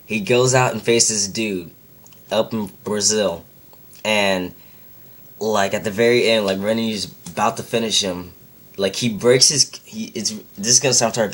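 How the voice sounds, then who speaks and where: Rambling young man with a low voice. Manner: rambling, many "like"s, self-correcting. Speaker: vlogger. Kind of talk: casual retelling.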